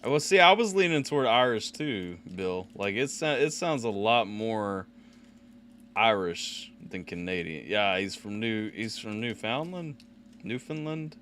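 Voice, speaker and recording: Lively swearing man hosting a stream. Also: on the low side, measured pace, a little hiss or hum. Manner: loud, swearing, laughing banter. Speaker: stream host. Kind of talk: live music reaction stream.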